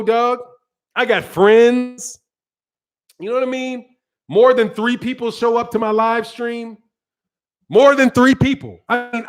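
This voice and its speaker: A man with a strikingly high voice hosts a boxing live stream. He talks loose and slangy, swears freely, laughs a lot and answers his chat. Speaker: boxing channel host. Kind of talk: casual live-stream commentary.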